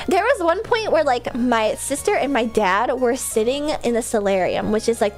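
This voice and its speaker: Young woman streamer chatting, high voice that swings all over, faint music under it. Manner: rambling storytelling with many "like"s; animated, jumps into high squeals when laughing. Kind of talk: casual chat.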